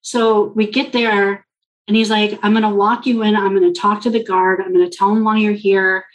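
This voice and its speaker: A woman from Colombia, a guest in an interview, earnestly and reflectively telling a personal story and quoting others in lively reported speech. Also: mid-range voice, normal speed, poor audio.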